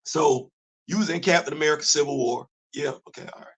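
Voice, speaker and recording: A man hosting his own comic book morning show, his voice sitting high and bright. He speaks casually and emphatically, even though his voice is worn out. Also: fast talker. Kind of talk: casual talk-show commentary.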